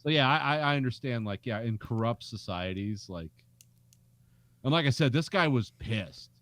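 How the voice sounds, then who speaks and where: A man co-hosting a casual podcast, telling blunt, wry anecdotes. His voice rises and falls in an animated way. The sound is dry and close. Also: medium pitch, normal speed, dry recording. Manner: wry, blunt storytelling with impressions. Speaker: podcast co-host. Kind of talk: casual chat.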